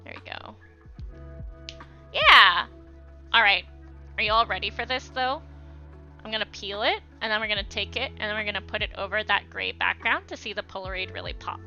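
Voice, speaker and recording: A young woman draws on an art livestream while chatting casually with viewers, thanking them by name and using lots of fillers. Her medium-pitched voice is bright and forceful, at a moderate pace with frequent pauses. The stream audio is slightly dull and lo-fi, with faint music.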